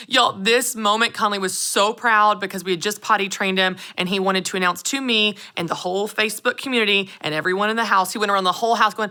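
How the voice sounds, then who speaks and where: A woman's voice: mid-range voice, fast, sharp tone. A woman, giving a motivational talk to camera as a show host, telling stories animatedly and addressing the audience directly. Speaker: show host and business coach.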